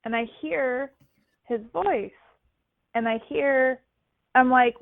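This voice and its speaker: A woman's voice: high voice, slow pace, creaky, pauses often, dry recording. A woman co-hosting a podcast, telling a campfire-style personal story in casual chat and acting out the voices she quotes. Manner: animated, acts out quoted voices. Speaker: podcast co-host. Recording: dry, phone-like line.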